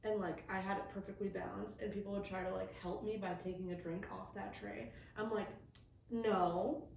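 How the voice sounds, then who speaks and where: A woman's voice: mid-range voice, little pitch movement, a little fast, vocal fry, a little mellow. Young woman podcast co-host, chatty and laughing, distant echoey mic. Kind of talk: casual chat. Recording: roomy echo, mic at a distance, faint hiss.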